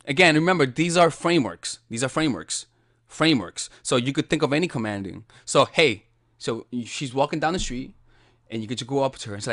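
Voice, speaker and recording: A man in the middle of pitch coaching a casual lesson on dating. His talk is loose and animated, full of restarts and the odd swear word. The recording is dry and close. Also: no room sound.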